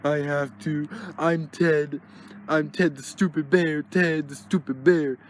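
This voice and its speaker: A man's voice: fairly high pitch, fairly even intonation, takes it slowly, a little hiss or hum. A man voicing Ted, a dim-witted, mischievous teddy bear in a plush toy comedy, talking in a frantic, stammering dither. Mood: jittery.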